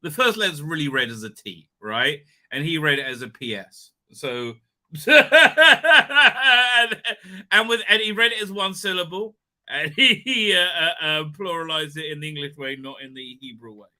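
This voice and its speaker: A man's voice: a little high, brisk, pushed and bright. A man hosting a live online show, chatting casually and rambling with many fillers, restarts and laughs. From Israel. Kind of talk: casual live-stream chat.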